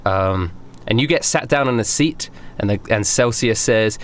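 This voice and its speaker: A man's voice: on the low side, moderate pace. A man narrating a tabletop game as game master, rambling and restarting with lots of "like".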